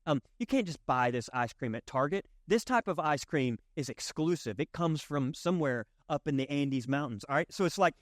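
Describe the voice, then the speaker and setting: A man's voice: normal speed, few pauses, no echo, clean studio sound. A middle-aged man preaching in a casual, storytelling way, acting out quoted voices and talking straight to his audience with many fillers and asides. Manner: animated, acts out quoted voices with jumps in pitch. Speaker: pastor. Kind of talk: conversational sermon storytelling.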